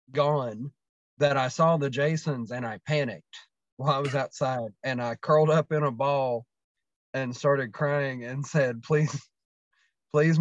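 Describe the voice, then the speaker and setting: A man's voice: mid-range voice, no echo. A man guesting on a podcast, telling stories in a rambling way with lots of fillers and restarts. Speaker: guest wrestler. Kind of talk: casual storytelling chat. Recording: dull, dry lo-fi sound.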